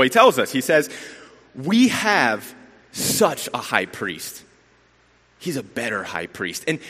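A man's voice: mid-range voice, a bit bright. A man giving a sermon as a lay preacher, telling rambling stories with self-deprecating humor, recorded in a church sanctuary. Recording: long reverb of a church hall.

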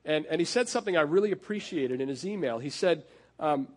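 A middle-aged male pastor with a fairly high voice gives a sermon in an easy, conversational tone. He restarts his phrases often, uses fillers, and slows right down to press home the key lines. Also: expressive, a little mellow.

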